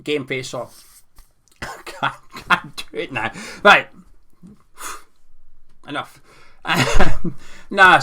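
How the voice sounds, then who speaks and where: A man's voice: on the high side, a bit bright. A young man hosting a casual football fan show, playful and self-mocking as he talks through club news. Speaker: fan channel host.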